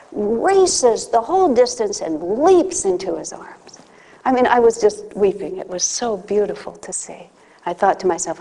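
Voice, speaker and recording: A woman's voice: mid-range voice, expressive, moderate pace, warm tone. A woman giving a conversational spiritual talk, mixing teaching with personal stories and playful acted asides. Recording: long hall reverb.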